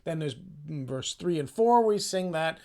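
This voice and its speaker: A man's voice: on the high side, expressive, a little slow, warm tone. A man leading a casual singing lesson, chatty and self-deprecating, explaining the score and singing short phrases to demonstrate. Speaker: choir practice leader.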